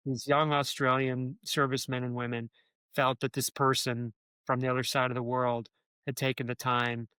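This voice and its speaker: Male guest in a casual interview, rambling storyteller, mid pitch, dry close-miked sound. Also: fairly bright tone, clear, resonant tone, no echo. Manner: rambling, many restarts and "you know" fillers. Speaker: guest, former speechwriter.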